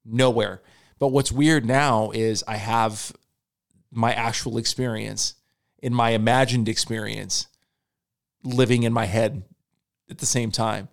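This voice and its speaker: A man and stand-up comedian in casual podcast chat, rambling, repeating words, swearing and quoting people in quick asides. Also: medium pitch, steady tone, gravelly.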